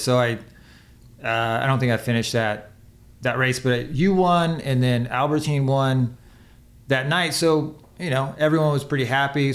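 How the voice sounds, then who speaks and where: A man who is a podcast guest and former motocross racer, telling a long, rambling, profane story in casual chat and acting out the quotes. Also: medium pitch.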